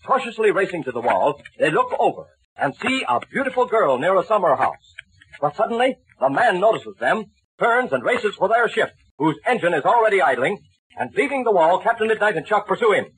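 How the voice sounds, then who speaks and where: A male radio announcer narrating a serial story in a brisk, dramatic, scripted way. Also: sits high, big pitch swings, fairly bright tone, husky, low-quality recording. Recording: hissy old radio broadcast.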